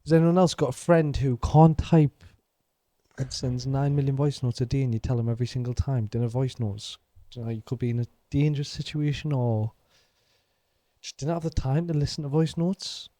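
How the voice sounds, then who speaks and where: Joking Northeast English man, dark voice. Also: mid-range voice, fairly even intonation, a little fast, no echo. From Northeast England. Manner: swearing, laughing, jokey. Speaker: podcast co-host. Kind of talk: casual podcast banter.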